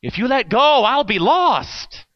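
A man voicing a calm, politely insistent stranger. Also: extremely high pitch, slow pace, dull audio, exaggerated voice.

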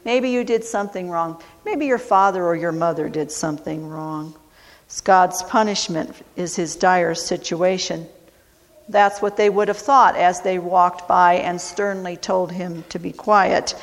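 A woman preaching a sermon, speaking deliberately and repeating phrases for emphasis. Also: on the low side, steady tone. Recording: long hall reverb.

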